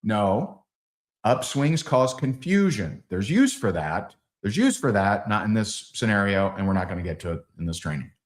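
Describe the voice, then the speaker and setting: Man, sales trainer, energetic, acts out calls, live training. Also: fairly low pitch, normal speed.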